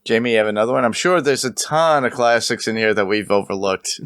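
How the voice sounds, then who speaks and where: A man hosting a laid-back podcast chat, his voice bright and forceful, close to a dry mic. He laughs easily and keeps the talk moving, with a middle pitch. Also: brisk, no room sound. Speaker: podcast host.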